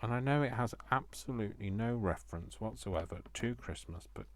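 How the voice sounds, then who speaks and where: A man's voice: fairly low pitch, brisk. A man chatting to viewers while crafting, joking at his own expense. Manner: self-mocking, jokey asides to viewers. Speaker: craft vlogger.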